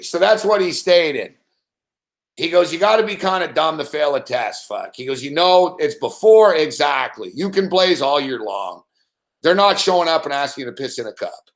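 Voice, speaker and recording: A middle-aged man with a slightly high, creaky voice hosts a sports betting show, swearing constantly through a casual rant. He tells stories and acts out the other people in them.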